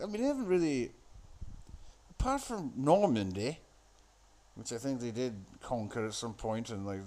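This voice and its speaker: Mid-range and a little mellow, this man's voice carries casual, wandering commentary over a film. His humor is sardonic and crude, and he swears freely.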